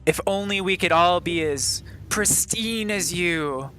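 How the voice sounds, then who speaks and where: A man's voice: high voice, measured pace, pushed and bright, faint music behind, poor audio. A man doing a smug, boastful sorceress. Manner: mocking, boastful.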